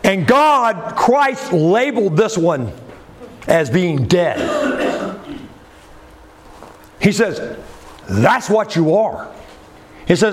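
A man preaching with a high voice, unhurried and deliberate. He asks the congregation questions and lands his points with falling phrase endings. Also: big pitch swings. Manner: drops pitch sharply at the ends of phrases. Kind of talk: sermon.

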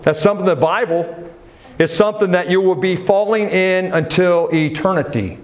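Speaking at a normal pace in a high voice, a man gives a sermon in church. He keeps things conversational and casual, directing questions at the people in the pews.

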